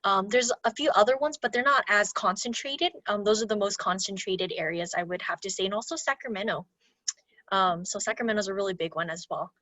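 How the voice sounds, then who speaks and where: A woman's voice: medium pitch, fairly quick, pushed and bright, no room sound. A young woman from California presenting an online culture workshop, chatty and laughing often. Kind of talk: casual online workshop teaching. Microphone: video call. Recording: dull lo-fi video call audio.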